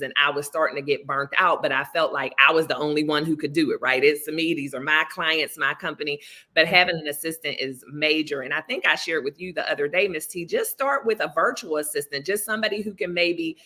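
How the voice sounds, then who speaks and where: An earnest woman author and life coach talks on a livestream, sounding motivational and emphatic. Her voice sits low but has a bright, forceful edge. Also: fairly quick. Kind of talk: livestream conversation.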